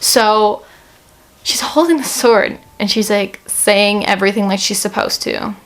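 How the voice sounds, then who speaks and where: A young woman giving a casual book review vlog, chatty and expressive, swearing freely and saying "like" a lot. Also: mid-range voice, measured pace.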